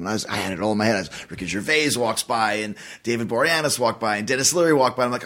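A man hosting a casual chat, telling an animated story and swearing freely. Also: mid-range voice, fairly quick. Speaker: podcast host.

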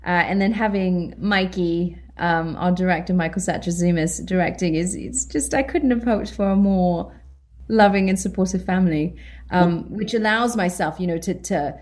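A young British woman, an actor, chatting in an interview, excitable and self-deprecating, often laughing. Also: fairly low pitch, moderate pace. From Britain. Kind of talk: interview chat.

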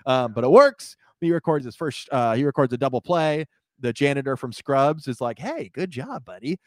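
A man co-hosting a casual podcast, talking through a movie in a loose, rambling way. He laughs often and drops casual profanity. His middle-pitched voice is recorded close and dry, with no room sound. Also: moderate pace, no echo. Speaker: podcast co-host. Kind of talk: casual movie review chat.

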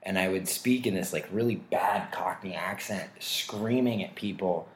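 A man's voice: low voice, normal speed. A man, a comedian guest, telling rambling, self-mocking stories about his past and laughing often. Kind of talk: casual storytelling interview. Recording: roomy echo.

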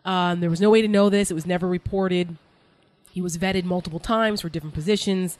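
A woman hosting a casual political talk, sarcastic and quick to laugh. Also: lowish voice, steady tone, darkish tone, no echo. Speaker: host.

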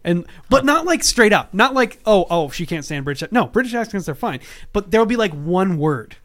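A male podcast host chatting loosely with friends. His voice sits high and leaps up and down as he tells stories. He is animated and laughs often, jumping from one topic to the next. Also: a little fast. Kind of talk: casual podcast banter.

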